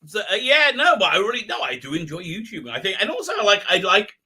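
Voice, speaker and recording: A man hosting a home live stream, his voice bright and ringing, and his pitch swings all over the place. He rambles with many fillers and restarts as he chats with viewers and reads out their comments. His desk mic level keeps jumping up and down. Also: very animated, fast talker, slightly rough. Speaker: livestream host. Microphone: desk mic with unsteady level.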